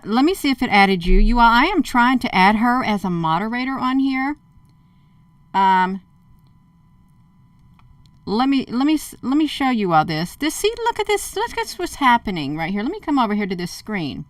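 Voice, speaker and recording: A woman's mid-range, a bit bright voice comes through with no room sound. As host of a livestream she speaks urgently and emphatically, addressing viewers as "you all" and answering their comments as she goes.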